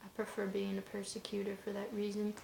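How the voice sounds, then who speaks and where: A woman's voice: medium pitch, monotone, a little fast, gravelly, a little mellow, a little hiss or hum. A woman talking in a casual vlog monologue, rambling and offhand, in loose run-on asides. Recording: roomy echoey room.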